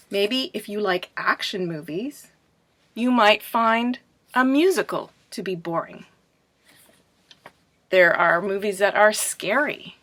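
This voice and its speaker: A woman's voice: mid-range voice, a bit bright. A woman teaching a pronunciation lesson in a staged classroom, asking questions and answering them herself as if students replied. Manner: clear, deliberate teacher delivery.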